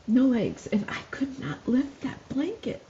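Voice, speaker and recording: A woman's voice: a little high, very animated, measured pace, dark tone, muffled recording, slight background noise. A middle-aged woman, a former nurse, telling her story on a podcast in an earnest way, laughing often as she speaks. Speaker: podcast guest, mother of a wounded soldier. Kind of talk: emotional podcast conversation.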